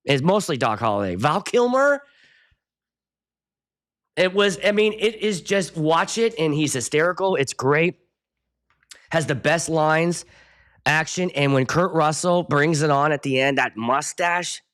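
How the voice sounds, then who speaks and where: A man from the Pittsburgh area who works as a wedding DJ, hosting a casual live stream and rambling excitably from topic to topic. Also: a little high, normal speed. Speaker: wedding DJ and show host.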